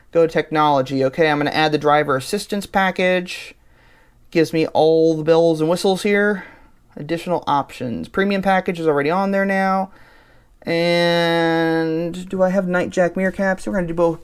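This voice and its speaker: Casting: male host, smooth clear voice, relaxed think-aloud voice-over. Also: fairly high pitch, normal speed. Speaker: channel host. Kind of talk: casual voice-over walking through an online car configurator.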